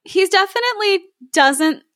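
A woman podcast host reading a folk tale aloud, giggling and adding lively asides. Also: very high-pitched, moderate pace, dry recording, studio quality.

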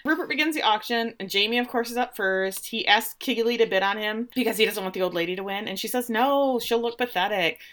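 This is a woman in her forties chatting on a podcast about a TV episode. Her voice is bright and forward, sitting at a middle pitch. She tells the story with animated energy, laughing often and briefly acting out the characters' lines. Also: fast, hardly any pauses. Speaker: podcast host recapping a TV episode. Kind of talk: casual recap chat.

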